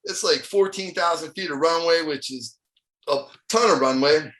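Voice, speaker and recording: A middle-aged man from Ohio with a fairly high, bright, forceful voice tells stories as a podcast guest. His delivery is animated and casual, often breaking into chuckles, and the recording sits in an echoey room. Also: moderate pace. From Ohio, USA. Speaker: motivational speaker, podcast guest. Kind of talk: casual storytelling interview.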